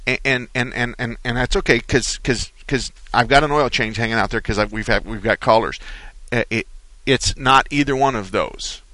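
Man, radio car-show host, folksy explainer, mid-pitched, dry close mic. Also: bright, forceful tone, dry recording. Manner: folksy, explains slowly with many restarts. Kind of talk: call-in radio talk.

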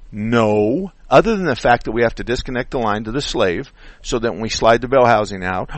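A middle-aged man hosting a call-in car repair radio show, explaining bluntly and getting animated when he disagrees. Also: medium pitch, no echo. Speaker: radio show host and auto mechanic.

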